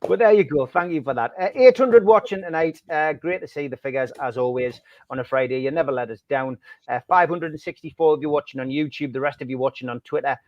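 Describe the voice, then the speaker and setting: Bloke hosting a footy podcast, cheeky jokey chat, muffled lo-fi mic. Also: male voice, on the high side, quick pace, no echo. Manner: cheeky, chatty, laughs at own jokes. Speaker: podcast host. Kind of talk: casual chat reading out jokes.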